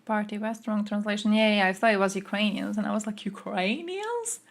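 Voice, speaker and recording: A woman's voice: mid-range voice, completely flat delivery, fast talker. A young woman from Croatia, streaming and giving blunt, profane, sarcastic political commentary. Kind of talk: casual ranting commentary.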